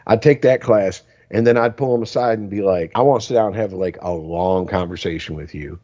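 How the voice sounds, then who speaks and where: A man's voice: lowish voice, fairly quick, mellow. A man in his forties, co-hosting a podcast, telling rambling stories full of swearing. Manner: profane, rambling storytelling. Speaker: podcast co-host. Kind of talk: casual chat. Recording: dull lo-fi recording.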